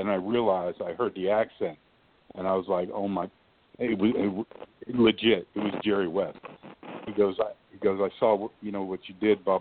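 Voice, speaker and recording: Older man telling stories over a tinny line. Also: fairly low pitch. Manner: lively storyteller who acts out quoted dialogue. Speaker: former basketball shooting coach. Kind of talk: casual storytelling anecdote. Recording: tinny phone-like line, dry.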